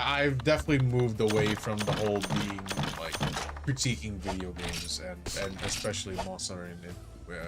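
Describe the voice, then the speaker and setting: A man streaming a game live, chatting to his viewers in a rambling, self-mocking way and laughing often. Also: mid-range voice. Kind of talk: casual live-stream commentary.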